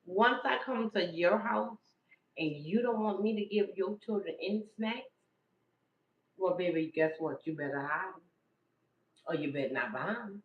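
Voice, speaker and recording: A woman's voice: fairly low pitch, lively intonation, moderate pace, pauses often. An older woman, talking casually to her livestream viewers, emphatic and repeating herself for effect. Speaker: livestream host. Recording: distant, dull, echoey room sound.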